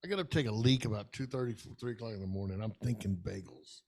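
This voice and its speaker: A man's voice: on the low side, fast. A middle-aged man, telling a long, profane, rambling story in casual podcast chat. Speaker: podcast co-host.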